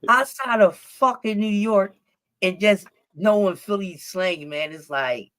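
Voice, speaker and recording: A man from Philadelphia talking as an interview guest in casual chat, with a slight lisp and a bit of rasp, relaxed, full of fillers and swearing. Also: high voice, a little slow.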